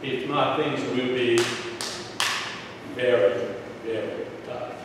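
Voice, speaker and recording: A man voicing a blunt, menacing male friend in a quick, threatening tone. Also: medium pitch, steady tone, noisy background, voice pushed down, close to an everyday voice. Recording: echoey hall, distant mic.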